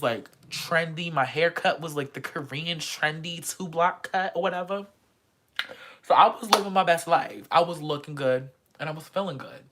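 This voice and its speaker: A young woman vlogging a casual storytime monologue, animated and dramatic, crude and joking. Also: deep voice.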